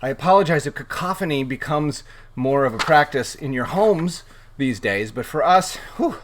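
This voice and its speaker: A man's voice: on the high side, lively intonation, moderate pace, a little hiss or hum. A man co-hosting a live picture book reading, playful and theatrical, fond of big words and hyperbole. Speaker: co-host and picture book author. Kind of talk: playful live-stream chat.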